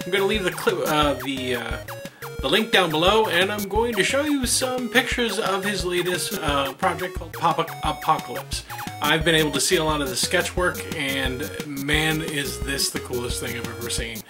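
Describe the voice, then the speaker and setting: A man's voice: fairly high pitch, normal speed, over music. A man hosting a comedy show, delivering casual announcements with many fillers and restarts. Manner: rambling, filler-heavy delivery. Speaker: host.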